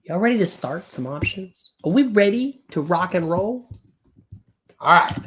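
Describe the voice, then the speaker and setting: Brief: male live-stream trading host, bright ringing voice, blunt and profane, lots of energy. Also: high voice, expressive, takes it slowly, pauses often, a little hiss or hum. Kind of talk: live-streamed casual teaching.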